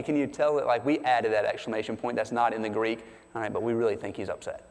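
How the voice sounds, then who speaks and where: A man preaching a sermon as pastor, chatty and animated, asking the congregation questions. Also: medium pitch, quick pace. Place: church sanctuary. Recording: long reverb of a large hall.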